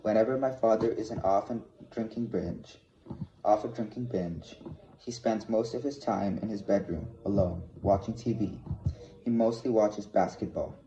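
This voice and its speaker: Man reading a novel aloud, low and mellow. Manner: plain, measured reading with small slips. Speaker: reader of a novel. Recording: dull lo-fi recording with faint hiss.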